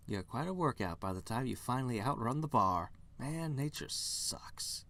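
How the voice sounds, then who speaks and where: A man's voice: mid-range voice, expressive, normal speed, few pauses, fairly bright tone. A man hosting a game let's play, reading the game text aloud with wry, playful commentary.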